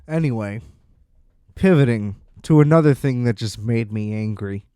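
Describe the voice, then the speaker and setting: A man hosts a solo podcast and rants in an exasperated, profane way. He acts out sarcastic exchanges as he talks. His voice sits at a middle pitch, and the recording is dry and close, with no room sound. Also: moderate pace, dark tone, clean tone, no room sound. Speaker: podcast host. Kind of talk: solo ranting monologue.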